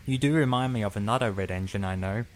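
A man's voice: lowish voice, quick pace, lightly acted. A man voicing a friendly, teasing male tank engine in a storybook reading.

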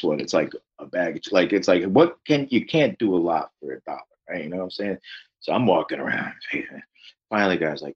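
A man's voice: low-pitched, expressive, a little fast, slightly rough, dull audio. A man guest, an author, telling a rambling personal story in casual chat, swearing constantly.

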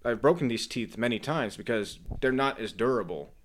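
A young man co-hosts a casual podcast, spinning a story with lots of swearing. His delivery is animated, with a mid-range pitch. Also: normal speed. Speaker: podcast co-host. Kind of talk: casual chat.

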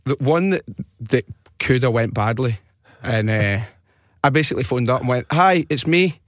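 A man's voice: medium pitch, normal speed, dry recording. Scottish guy chatting in a studio, swears a lot, laughs through his stories, dry close mic. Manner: laughing storyteller, swears freely. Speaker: podcast host. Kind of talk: casual chat.

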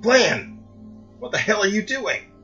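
A man voicing a fierce, protective mother who shouts her lines in a high, sharp voice. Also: very animated, unhurried, lo-fi sound, faint music behind, exaggerated voice. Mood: alarmed. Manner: loud, sharp and demanding.

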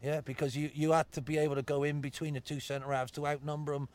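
A middle-aged man with a Bristol accent tells stories from his football days in easy, casual chat. His voice sits a touch higher than usual. He talks bluntly, swears freely and calls his listener mate. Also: little pitch movement, quick pace, a little mellow. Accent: Bristol English. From Bristol, England. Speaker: former footballer.

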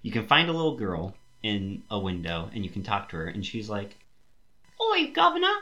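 A young man hosts a casual podcast chat. His voice sits low but sounds bright and forward. He rambles with enthusiasm and restarts his sentences often. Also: big pitch swings, a little fast. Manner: enthusiastic rambling, many fillers. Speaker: podcast host.

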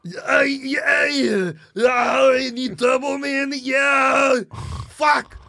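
A man doing a loud, crude, bumbling movie-dad character who shouts and half-cries on a comedy podcast. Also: very high-pitched, fairly even intonation, drawn-out words, gravelly, dry recording, clean studio sound, pitched above the performer's own voice, full character voice. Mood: manic. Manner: shouting, crying, manic and crude. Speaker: podcast co-host.

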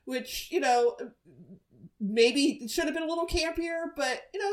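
A woman's voice: high-pitched, recorded from a distance. A woman co-hosting a film podcast, speaking casually with frequent restarts and repeated words. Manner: halting, restarts a lot. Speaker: podcast co-host. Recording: echoey room.

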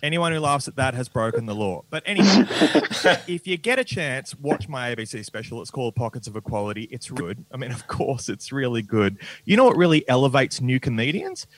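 Dry comedian with a lively voice. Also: male voice, mid-range voice, a little hiss or hum. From Australia. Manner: dry, self-mocking delivery with pauses for laughs. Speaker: stand-up comedian. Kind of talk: stand-up comedy set.

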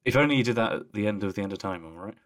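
A man co-hosting a podcast in casual chat, relaxed and a bit hesitant, laughing easily. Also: fairly low pitch, racing. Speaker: podcast co-host.

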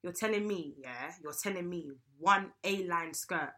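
A young woman, hosting a podcast in an animated, exclamatory way and laughing often. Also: fairly low pitch, unhurried. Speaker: podcast host. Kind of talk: casual chat.

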